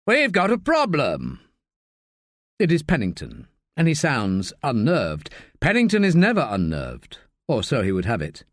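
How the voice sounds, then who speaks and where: In an expressive, measured storytelling style, a man narrates an audiobook. His mid-range voice comes through clean studio sound with no echo.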